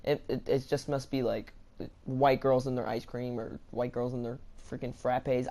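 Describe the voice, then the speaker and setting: A man's voice: mid-range voice, little pitch movement, normal speed, warm tone. Young man rambling through a story. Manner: rambling, stammering storytelling with many restarts. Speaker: vlogger. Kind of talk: storytime vlog.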